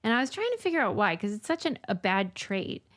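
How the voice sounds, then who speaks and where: A woman's voice: medium pitch, sing-song, quick pace, a bit bright. A woman co-hosting a podcast, talking candidly and reflectively in casual chat, swearing now and then. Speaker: podcast co-host.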